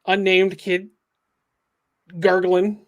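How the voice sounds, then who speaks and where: A man's voice: high-pitched, monotone, extremely slow. A man casually reading through a comic book on a podcast, with amused asides. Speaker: podcast host.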